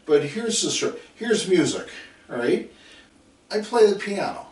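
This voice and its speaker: A man's voice: high voice, sing-song, measured pace, a little mellow. A middle-aged man giving a coaching lecture, emphatic and repetitive, telling stories and acting out his players. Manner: emphatic, repeats drill calls, acts out players. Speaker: football coach. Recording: roomy sound from a distant mic.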